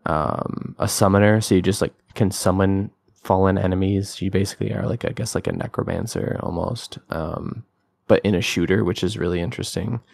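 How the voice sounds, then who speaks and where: A man's voice: low-pitched, vocal fry, darkish tone, no echo, clean studio sound. A young man co-hosting a podcast, talking through games in a casual, rambling way, full of fillers and enthusiasm. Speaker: podcast co-host. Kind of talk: casual game-review chat.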